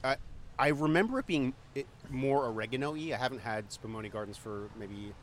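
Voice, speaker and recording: A man co-hosts a relaxed food podcast in a restaurant, talking with his mouth full. He speaks at an ordinary pitch, pausing often with ums and restarts as he thinks aloud. Faint background noise sits under his voice. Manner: hesitant, filler-heavy, thoughtful, talks while eating. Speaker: podcast co-host. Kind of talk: casual food podcast chat.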